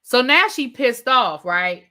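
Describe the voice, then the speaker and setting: A woman hosting a live review, retelling scenes in a lively way and mimicking the people she describes. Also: fairly high pitch, slow. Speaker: TV review channel host. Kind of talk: live rant and recap of a reality show.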